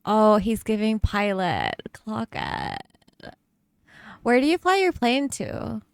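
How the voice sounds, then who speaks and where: A woman's voice: medium pitch, wildly swooping pitch, slow, creaky, smooth, no echo. A woman streaming as a police officer in a roleplay game, bubbly and full of slang, laughing often. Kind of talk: in-character roleplay chat.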